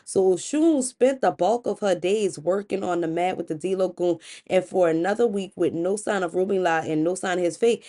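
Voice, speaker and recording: A woman hosts a podcast and retells an old myth in a relaxed, chatty style. Her voice is mellow and warm, and she breaks in with playful, slangy asides. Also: medium pitch. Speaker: podcast host. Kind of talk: casual storytelling of myths.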